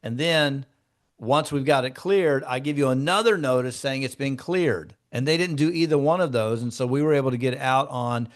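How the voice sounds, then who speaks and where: A man's voice: mid-range voice, normal speed. Conversational man teaching a room of agents. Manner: conversational, acts out client dialogue in shifting tones. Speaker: real estate broker leading a training session. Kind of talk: instructive storytelling to a group.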